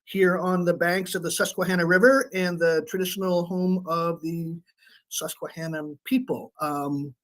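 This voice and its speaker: A co-host chatting in a loose, conversational way, with frequent fillers. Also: female voice, fairly low pitch, fairly even intonation, normal speed. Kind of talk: casual chat.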